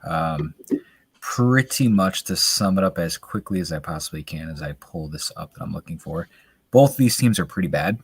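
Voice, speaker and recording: A man with a very deep, husky voice co-hosts a casual sports chat. He talks through his picks in a relaxed, hedging way with a wry edge. The sound is dry. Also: normal speed, no echo. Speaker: podcast co-host.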